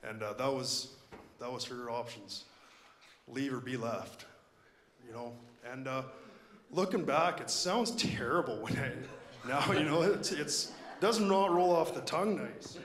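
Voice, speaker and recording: A Canadian man in his late twenties shares his personal testimony before a church congregation. He talks candidly and plainly at an ordinary pitch, with flashes of self-deprecating humor. His voice rings through an echoey church hall. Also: measured pace, a bit bright, slight background noise. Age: late 20s. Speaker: church member giving testimony. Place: church sanctuary.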